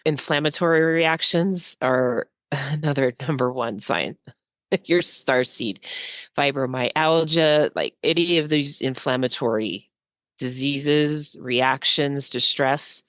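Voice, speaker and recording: A woman's voice: very deep voice, slow pace, fairly bright tone, dry recording. A woman speaking as a psychic guest, rambling and heartfelt, with frequent "like" fillers. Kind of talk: casual spiritual talk.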